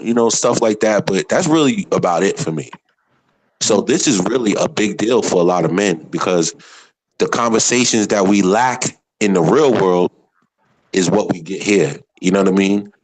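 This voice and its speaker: Man, very deep voice, casual chat, host, conversational. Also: normal speed, poor audio. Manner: conversational, frequent "you know what I mean".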